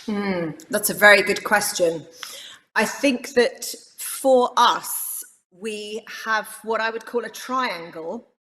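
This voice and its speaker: A woman on a parenting panel, explaining her ideas in a measured way. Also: mid-range voice, fairly bright tone, big-room sound. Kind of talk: panel discussion.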